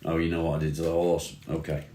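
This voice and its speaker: Guy, really deep voice, laid-back stream chat, calls people mate, echoey room. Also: fast. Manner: relaxed, chatty, says mate often. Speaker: livestream host. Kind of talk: casual livestream chat reading comments.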